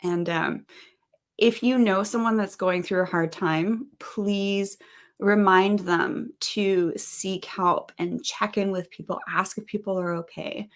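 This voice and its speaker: A woman hosting an interview podcast, earnest and upbeat, with lively emphasis. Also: medium pitch, slow. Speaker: podcast host.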